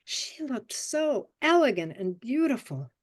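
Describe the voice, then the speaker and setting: A woman in her seventies telling a personal childhood story at a story swap event, vivid and expressive. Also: sits high, unhurried. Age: 70s.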